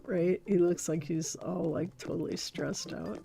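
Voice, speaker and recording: A woman hosting a relaxed gameplay stream, chatting and telling rambling stories as she plays. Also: fairly low pitch, slow, gravelly. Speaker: game streamer host. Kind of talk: casual gameplay commentary. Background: soft game music.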